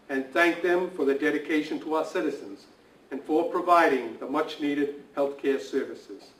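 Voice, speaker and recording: Civic club member delivering a formal dedication address; reverberant, far-off recording. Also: male voice, on the high side. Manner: formal, reading out a prepared address. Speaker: civic club representative presenting flags. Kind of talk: formal prepared speech. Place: indoor building dedication event. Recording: echoey, distant recording with faint ambience.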